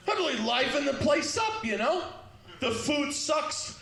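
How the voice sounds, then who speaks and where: A male comedian works through his set with a loud, punchy delivery, acting out little exchanges as he goes. His voice sits very high and sounds bright and forceful. The room around him rings with echo. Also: big pitch swings, measured pace, creaky. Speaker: stand-up comedian.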